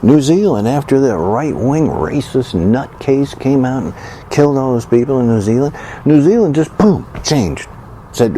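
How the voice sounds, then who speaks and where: A man rants in a loose, conversational monologue, sarcastic and indignant as he mocks the other side with gasps and sighs. His voice leaps up and down through a lively range, with a mellow, darker tone. He hammers points home by repeating short phrases. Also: medium pitch, unhurried, slight background noise. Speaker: commentator. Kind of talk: political opinion rant monologue.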